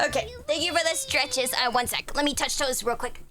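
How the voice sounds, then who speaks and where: A woman's voice: high-pitched, a little fast, few pauses, noisy background. A young woman streamer chatting casually with her viewers, laughing often and swearing freely. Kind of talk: casual chat.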